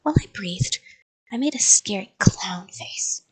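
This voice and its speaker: A woman reading a children's story aloud in a soft, half-whispered bedtime voice. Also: medium pitch, animated, measured pace, slightly rough.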